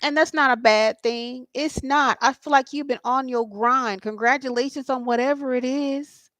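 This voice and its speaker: A woman's voice: sits high, normal speed, a bit bright, no room sound. A woman giving a casual psychic tarot reading, reassuring and blunt, often asking "okay?" and swearing casually. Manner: reassuring, repeats "okay?" and "I feel like". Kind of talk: casual spiritual reading to camera.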